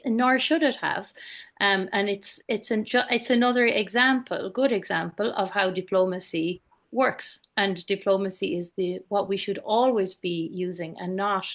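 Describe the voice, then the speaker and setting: Irish woman, earnest, gravelly voice, keeps restarting, video call. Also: medium pitch. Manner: earnest, restarts often, repeats words. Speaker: politician speaking on a panel. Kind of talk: online panel discussion.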